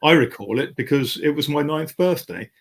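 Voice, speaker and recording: A man's voice: a little high, animated, moderate pace, slightly rough. A man in his sixties, a guest commentator, chatting in detail about classic racing cars, with frequent fillers. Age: 60s. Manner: knowledgeable, detailed, many fillers. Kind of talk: casual chat.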